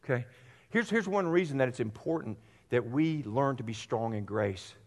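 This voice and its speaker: A pastor delivers a sermon in an animated, medium-pitched voice at a moderate pace. Long hall reverb fills the church sanctuary as he speaks earnestly and directly to the congregation, repeating phrases to drive points home.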